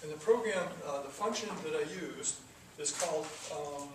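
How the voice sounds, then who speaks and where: A man's voice: on the high side, moderate pace. A man teaching a programming class, explaining step by step with many fillers and restarts. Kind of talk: classroom lecture. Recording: echoey room from far off, noisy.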